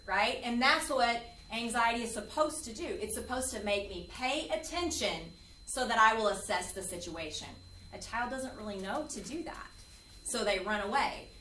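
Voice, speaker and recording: A middle-aged woman counselor leading a parent workshop, animated and acting out quoted voices. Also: on the high side, moderate pace. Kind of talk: workshop talk. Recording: echoey room from far off.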